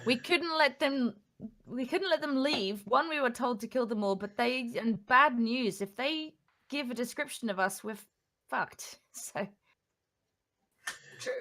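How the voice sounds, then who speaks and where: A woman's voice: a little high, measured pace, fairly bright tone. A woman player in a tabletop game, chatty and giggly. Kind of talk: casual tabletop play.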